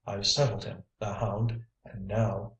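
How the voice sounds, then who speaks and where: A man's voice: lowish voice, flat delivery, takes it slowly, highs cut off. A man reading a stern, hot-tempered sailor. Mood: masterful. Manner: stern, commanding. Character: hot-tempered strong young sailor, masterful. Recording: roomy, distant mic.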